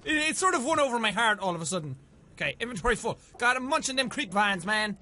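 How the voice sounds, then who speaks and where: Excitable high-voiced young man gaming. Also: fast. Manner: excitable, swears often, talks to game characters. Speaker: gamer. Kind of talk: let's play commentary.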